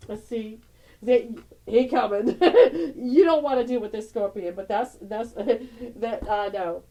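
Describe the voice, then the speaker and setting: Middle-aged woman vlogger, warm mellow tone, rambling, tender, quick to laugh. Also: on the high side, poor audio. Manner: rambling, tender, laughs often, broken-off sentences. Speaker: tarot channel host. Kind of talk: casual emotional vlog, showing family photos.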